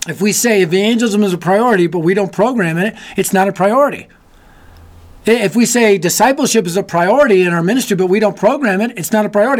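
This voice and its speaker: High-pitched guy preaching, tells stories with lots of energy, pokes fun at himself. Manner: animated, self-mocking storyteller. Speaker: youth ministry leader and host. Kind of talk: storytelling sermon.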